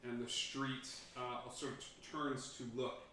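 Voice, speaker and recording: A man's voice: medium pitch, little pitch movement, pushed and bright. Man narrating a tabletop game, echoey. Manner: halting, many fillers. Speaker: game master. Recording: echoey room from far off, faint noise.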